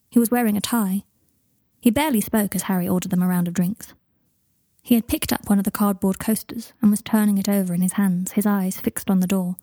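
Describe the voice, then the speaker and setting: A woman narrating a story in a calm, even reading voice on a close microphone. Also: mid-range voice, no echo. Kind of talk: storybook narration of fan fiction.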